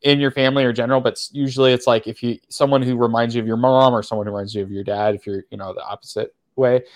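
A man's voice: medium pitch, steady tone, very fast. A man co-hosting a movie review podcast, rambling casually as he retells the plot. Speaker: podcast co-host.

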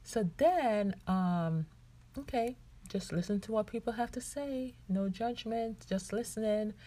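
A Caribbean woman hosts her own podcast, telling a story solo in a casual, chatty, rambling way with lots of ums and asides to listeners. Her voice is medium in pitch with a dark tone.

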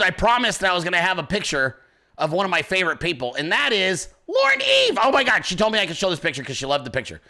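A man hosting his own show, chatting casually in a rambling, profane, excitable way. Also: sits high. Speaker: podcast host. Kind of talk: casual chat.

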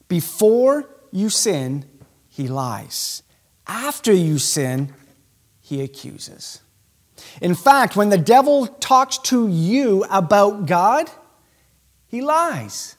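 A male pastor preaching a sermon in an animated, emphatic way, speeding up and slowing down to stress his points. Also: high-pitched. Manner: animated, emphatic preaching with sudden shifts in pace.

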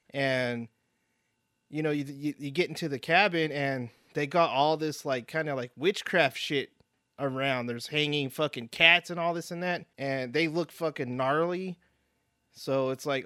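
A man's voice: on the high side, measured pace, bright, forceful tone, no room sound, studio quality. A man co-hosting a casual film review chat, talking bluntly and enthusiastically with lots of swearing. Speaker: podcast co-host.

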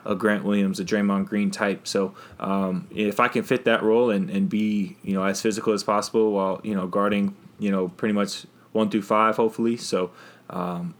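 A young man in casual podcast chat as a guest, talking in a relaxed way with plenty of fillers. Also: lowish voice, moderate pace. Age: young adult. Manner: laid-back, many fillers, laughs often. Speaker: podcast guest, basketball player.

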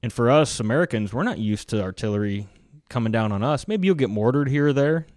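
A man, a military veteran, telling war stories in a loose, animated, casual podcast conversation. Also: mid-range voice, fast, no room sound, clean studio sound.

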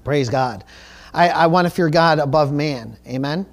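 Speaking at a moderate pace in a slightly high voice, a male pastor delivers a sermon earnestly and emphatically. He repeats words frequently and invites the congregation to respond with "Amen?"

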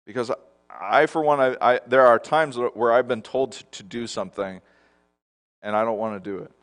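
A middle-aged man preaching a sermon as a pastor. He moves between soft, low passages and loud, emphatic declarations, and puts repeated questions to the congregation. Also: normal speed.

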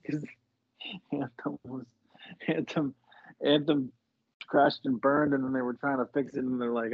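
A man with a husky voice co-hosting a casual podcast, rambling and hesitating as he repeats the starts of his sentences. The recording is muffled and lo-fi, and his pitch sits in the ordinary middle range. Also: level tone, measured pace, long pauses. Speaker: podcast co-host. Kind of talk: casual chat.

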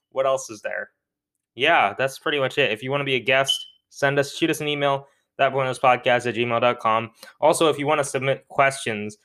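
Smooth-voiced rambling podcast host man. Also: medium pitch, a bit bright. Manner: rambling, self-correcting, joking. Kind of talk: casual podcast outro.

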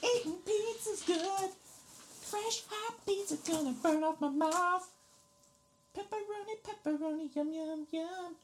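A squeaky greedy pizza eater. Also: male voice, measured pace, a little hiss or hum. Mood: gleeful. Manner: squeaky, soft, childish.

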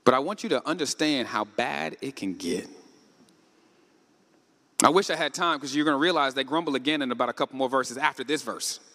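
A man preaching a sermon, asking the congregation questions and rising to shouts. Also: mid-range voice, fairly quick. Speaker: pastor. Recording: echoey hall with long reverb.

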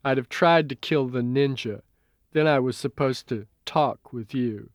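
A man's voice: mid-range voice, unhurried, dry recording, studio quality, close to an everyday voice. Tough guarded woman fighter, short blunt lines; male narrator. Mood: terse. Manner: terse, blunt. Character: tough, guarded female street samurai.

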